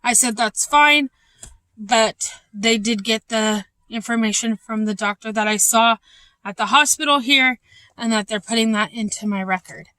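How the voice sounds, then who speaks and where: A woman's voice: fairly high pitch, steady tone, pushed and bright, no echo. Candid young woman vlogging with a cough. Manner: candid, halting, many fillers. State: ongoing cough, short of breath. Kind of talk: casual personal update.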